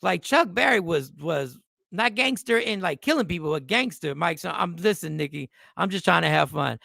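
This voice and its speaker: A man hosting a radio talk show, animated and joking, with earnest turns. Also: on the high side, normal speed, creaky, no room sound, studio quality.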